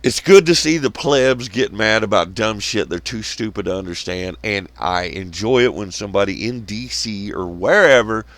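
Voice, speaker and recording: A man's voice: lowish voice, animated, moderate pace, hardly any pauses, fairly bright tone, dry recording. Sarcastic, profane man ranting. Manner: mimics others in scornful quotes. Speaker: channel host. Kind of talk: ranting monologue.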